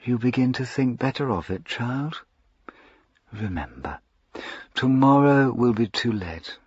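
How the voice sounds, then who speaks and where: A man's voice: medium pitch, expressive, a little slow, husky, no room sound, pitched above the performer's own voice. A man doing a purring, sinister duke. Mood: menacing. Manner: purring, soft and imperturbable, at times whispering. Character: sinister aristocratic duke, cold, predatory, mocking. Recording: dull lo-fi recording.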